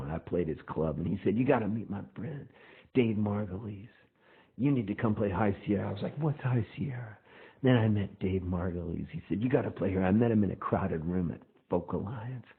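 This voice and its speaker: Low husky man, tinny phone-like sound. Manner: rambling storyteller, drawn-out lines. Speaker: touring folk singer. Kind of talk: spoken monologue intro.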